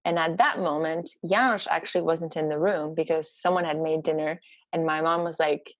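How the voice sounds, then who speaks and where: A woman sharing a personal story in casual conversation, animated and halting, with many fillers. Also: low voice, no echo. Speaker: podcast guest.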